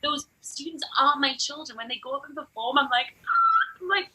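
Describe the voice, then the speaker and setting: A woman who teaches burlesque, chatting in a casual podcast interview and acting out quotes in lively voices. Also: high-pitched, a little fast, poor audio. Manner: animated, acts out quotes in different voices.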